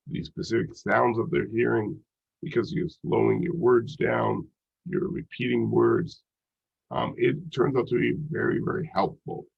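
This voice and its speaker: A man's voice: lowish voice, vocal fry, husky, muffled recording. A man teaching a recorded college psychology lecture, talking conversationally with frequent ums and restarts.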